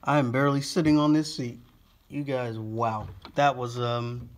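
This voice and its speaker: A man's voice: medium pitch, steady tone, unhurried, slight background noise. A man vlogging to camera, out of breath and lightheaded, gushing and sighing between phrases. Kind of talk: casual talk to camera.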